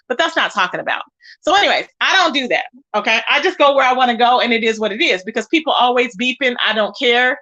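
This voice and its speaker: A woman's voice: a little high, lively intonation, fast talker, pushed and bright, lo-fi sound. A woman hosting her own channel, giving sassy, emphatic gossip commentary straight to her viewers. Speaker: channel host.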